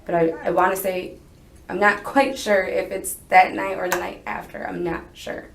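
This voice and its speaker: A woman's voice: lowish voice, little pitch movement, moderate pace, gravelly, slight background noise. A young woman telling a police interviewer what happened, rambling and unsure, hedging her memory as she goes. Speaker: witness being interrogated. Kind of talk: recounting events in a police interview. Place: interrogation room. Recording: echoey interview room.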